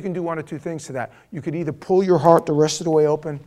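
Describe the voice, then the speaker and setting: High-voiced, animated male preacher. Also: fast. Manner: animated preaching, swinging from hushed asides to near-shouting mimicry. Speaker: pastor. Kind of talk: expository sermon.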